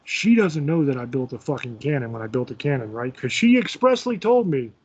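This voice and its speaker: A man's voice: mid-range voice, very animated, fairly quick, darkish tone, dull audio. A man casually telling a profane, self-mocking story as host of his own show.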